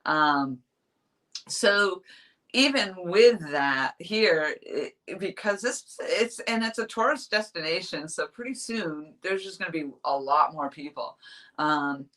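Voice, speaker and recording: A woman's voice: lowish voice, expressive, takes it slowly, fairly bright tone. A woman from New Hampshire chatting casually on a live stream as a fishing vlogger, rambling and laughing often as she reads the chat.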